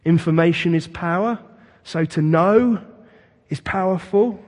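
A man preaching a sermon as pastor, retelling scripture as a vivid, animated story. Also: high-pitched, unhurried, in a large hall. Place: church.

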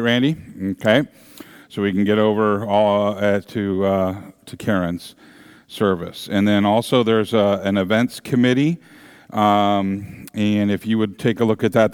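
A man with a low, smooth voice gives announcements to a church congregation. He talks haltingly, filling pauses with "uh" and "um" and poking gentle fun at himself between notices. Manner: halting, with many fillers and light self-deprecating jokes. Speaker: church service leader. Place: church sanctuary.

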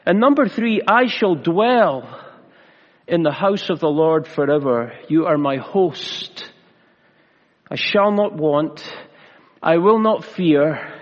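A man preaching a sermon with a fairly high, unhurried voice, pausing to stress key words. The sound is muffled and lo-fi, carried through the long reverb of a large hall. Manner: measured preaching with slow emphatic pauses and gentle humor. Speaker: pastor.

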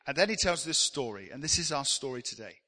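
A man's voice: medium pitch, very animated, fast talker, bright, forceful tone, long reverb tail. A man preaching a sermon as pastor, emphatic, and leading the congregation in call-and-response.

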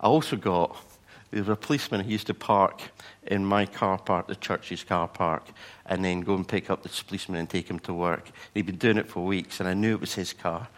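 Vicar guy, lowish voice, chatty sermon stories, does little voices for people. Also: fairly quick, hardly any pauses. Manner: storytelling, animated voices for quoted people. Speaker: pastor.

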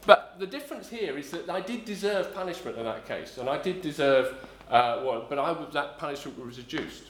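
A man's voice: fairly high pitch, lively intonation, fairly quick, slight background noise. Man preaching in an echoey church. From south-east London. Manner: rambling, self-correcting storyteller, frequent ums. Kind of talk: sermon with a personal story.

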